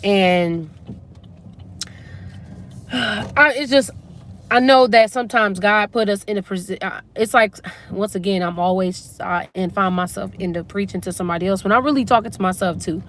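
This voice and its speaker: A woman's voice: mid-range voice, normal speed. Woman, holding back tears, subdued live-stream chat, handheld phone, parked car, faint background noise. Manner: subdued, emotional, talking herself up. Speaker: vlogger hosting a live stream.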